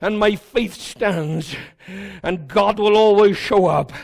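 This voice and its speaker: A South African man preaches to his congregation with fervour, his voice set very high and roughened by gravel. He hammers on repeated words and swings from near-whispers to shouts. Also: slow pace. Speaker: pastor. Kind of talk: sermon. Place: church before a congregation.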